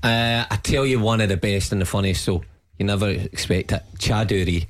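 A Scottish man in middle age sits in on football commentary as a former player. His voice sits a little low, and he tells old dressing-room stories in an easygoing way. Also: fairly even intonation, fairly quick.

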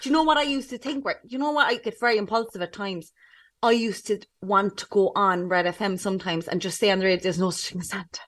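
A woman with a Cork Irish accent, co-hosting a podcast in casual, animated chat full of "like". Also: mid-range voice, quick pace, distant mic. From Ireland, Cork. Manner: chatty, animated storytelling with frequent "like". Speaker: podcast co-host.

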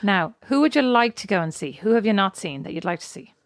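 Irish woman, podcast co-host, animated storyteller, dry close sound. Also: medium pitch, fast, no room sound. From Ireland. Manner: animated, storytelling, self-mocking. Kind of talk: casual chat.

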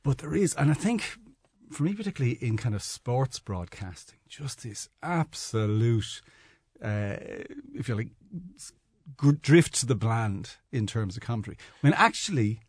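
A man, a sports broadcaster on a radio panel, talking haltingly with stammers and restarts. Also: mid-range voice, very animated, slightly rough, dry recording, studio quality. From Dublin, Ireland.

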